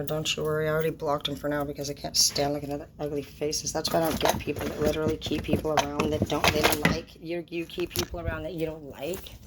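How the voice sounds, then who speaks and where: Woman, low voice, casual vlog rant, swearing, blunt, upset, clicking noise behind. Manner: profane, blunt and indignant. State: upset and annoyed.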